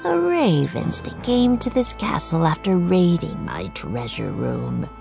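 A woman doing a raspy, mocking half-bird king. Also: low voice, very animated, mellow, faint music behind, full character voice. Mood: menacing. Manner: slow, drawn-out, mocking.

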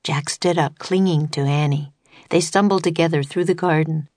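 A woman reading a children's storybook as an audiobook, in calm, even narration. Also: sits low, moderate pace, dry recording. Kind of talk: scripted narration.

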